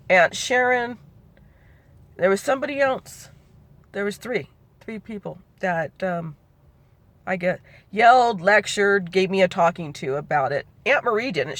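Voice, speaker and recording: In a fairly bright, mid-range voice, a middle-aged woman tells a family memory as personal oral history. She rambles conversationally and keeps correcting herself.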